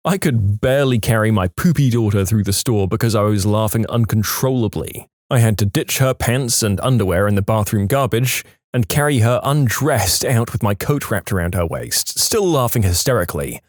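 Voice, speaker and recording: A man reading storytime posts aloud in a scripted narration, lively and expressive. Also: lowish voice, fairly quick, hardly any pauses, no echo, studio quality.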